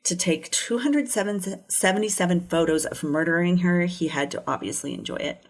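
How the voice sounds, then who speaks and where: A woman's voice: on the low side, a little fast. A woman co-hosting a podcast, telling a true crime case in a casual way and laughing often. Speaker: podcast co-host.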